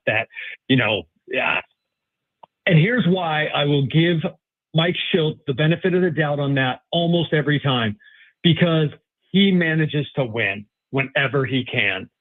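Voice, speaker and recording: Guest sports writer, male, rambling and hesitant, slightly high voice, heard over a tinny phone line. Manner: rambling, hesitant, many restarts and fillers. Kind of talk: casual sports talk.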